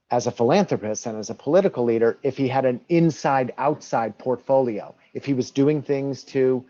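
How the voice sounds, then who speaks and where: A man's voice: medium pitch, warm tone. A man being interviewed as a guest on a podcast, explaining his points emphatically and sometimes restarting his sentences. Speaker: guest, election reform advocate. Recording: dull lo-fi audio.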